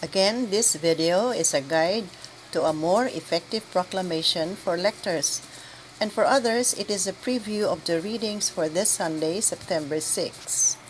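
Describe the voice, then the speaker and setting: Woman, lector trainer, very slow and deliberate, careful enunciation, faint background hiss. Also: fairly low pitch, poor audio. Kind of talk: instructional reading guide.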